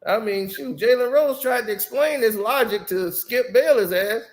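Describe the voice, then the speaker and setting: Brief: lively male guest, upper-pitched voice, slangy, laughs through his stories. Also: normal speed. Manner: animated, laughs often, slangy storytelling. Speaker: guest, former basketball player. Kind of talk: casual podcast chat.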